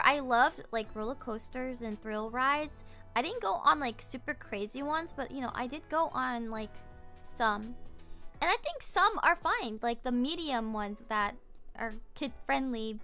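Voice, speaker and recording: A woman's voice: fairly high pitch, sharp tone, clean tone. A woman streamer chatting casually from her home setup, rambling and giggling with lots of fillers.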